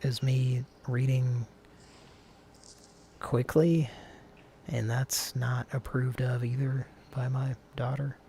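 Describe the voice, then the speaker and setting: A man's voice: medium pitch, flat delivery, takes it slowly, gravelly, pauses often, warm tone, slight background noise. A man co-hosting a casual talk show, rambling through stories and reading listener comments aloud. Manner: rambling, self-interrupting storyteller. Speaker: podcast co-host.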